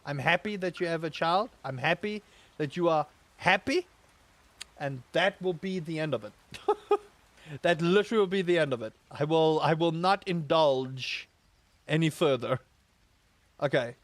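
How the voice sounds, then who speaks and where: A man streaming a game, telling rambling, animated stories with sudden loud outbursts. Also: a little high, normal speed, pauses often, no room sound. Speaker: gaming streamer. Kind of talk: casual stream chat while playing.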